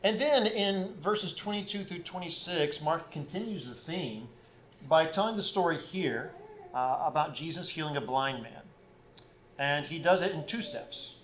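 A man preaching a sermon and reading scripture aloud, pausing often on "uh" and growing louder and higher when he reads the quoted passages. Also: animated, a little hiss or hum. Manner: frequent "uh" fillers, rises in pitch and volume when reading scripture. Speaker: pastor.

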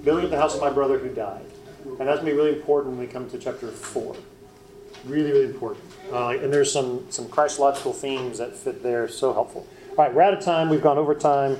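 A man's voice: mid-range voice, steady tone, quick pace, darkish tone, a little hiss or hum. Southern man teaching a Bible class. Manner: earnest, explaining, asks the class questions. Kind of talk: leading a group Bible study. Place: church classroom. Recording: roomy room echo.

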